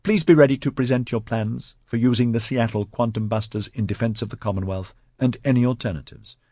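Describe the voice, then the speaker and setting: A man's voice: mid-range voice, brisk, warm tone, dry recording, clean studio sound, voice pushed up, close to an everyday voice. A man voicing a formal, decisive woman president, reading an audiobook.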